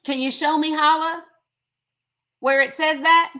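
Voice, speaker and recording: A woman's voice: sits high, steady tone, a little slow, sharp tone. A woman hosting a casual livestream, talking emphatically and repeating words for effect. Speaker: livestream host. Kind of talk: casual live commentary.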